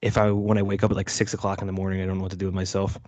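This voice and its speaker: A man's voice: low-pitched, monotone, racing, a little mellow, no echo, lo-fi sound. A man in a casual podcast chat, laid-back and wry, with some swearing. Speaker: podcast co-host.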